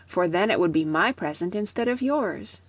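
A woman voicing a calm, patient mother who gently guides her little boy in a storybook. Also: fairly low pitch, normal speed, breathy edge, dry recording.

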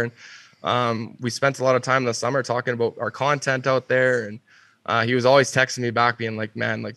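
A man speaking earnestly and reflectively in casual chat, pausing often with fillers. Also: medium pitch, creaky, fairly bright tone, dry recording.

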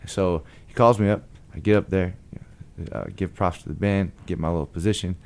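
A man from Long Beach, California, a blues guitarist, telling a story in a lively way and acting out the people in it. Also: low voice, fairly quick. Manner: lively, acts out the other people in his stories. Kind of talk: animated storytelling.

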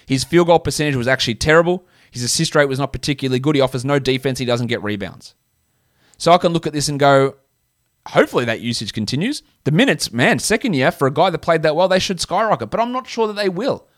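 A man's voice: fairly high pitch, lively intonation, fast talker, dry recording, clean studio sound. A young man hosting a solo fantasy basketball podcast, talking bluntly and casually with slang while he rattles off stats.

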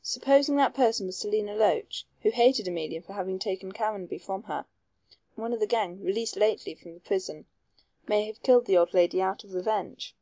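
A woman's voice: medium pitch, mellow, dry recording, dull audio, close to an everyday voice. A woman reading as a grim, obstinate male detective. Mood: earnest. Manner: measured, earnest explaining.

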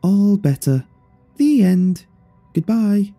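A man putting on a shrill female puppet, bossy and prim, slow scolding singsong, husky undertone, dark timbre, faint music behind. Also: big pitch swings, heavily acted. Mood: sweet. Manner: high scolding singsong, slowed and drawn out.

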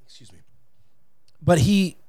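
A man speaking as a guest in a casual interview, animated and acting out quotes in different voices, on a close studio mic. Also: high-pitched, extremely slow, no echo. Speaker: podcast guest, atheist comedian.

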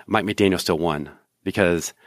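A man's voice: sits low, a little slow, no echo, studio quality. A man co-hosting a sports podcast, joking and rambling in casual chat. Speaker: podcast co-host.

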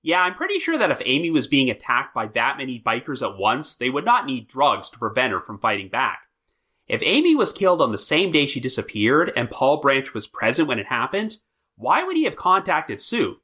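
A man's voice: mid-range voice, huge pitch swings, a little fast, sharp tone, slightly rough. A man hosting a true crime podcast, reading prepared notes in a wry, storytelling manner. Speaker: podcast host.

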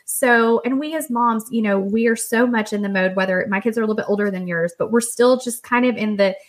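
A woman's voice: on the high side, brisk. A woman hosting a podcast for mothers, asking encouraging questions in casual talk. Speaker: podcast host. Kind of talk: conversational podcast interview.

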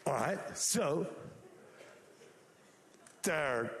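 A man pastor delivering a sermon as animated storytelling, driving home his points with emphatic rhetorical questions. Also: a little high, normal speed, a little hiss or hum.

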